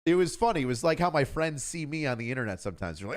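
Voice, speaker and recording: Man hosting a casual talk stream, animated pitch, rambling, swearing, easy laughs. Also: very fast. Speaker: host, police officer. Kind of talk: casual chat.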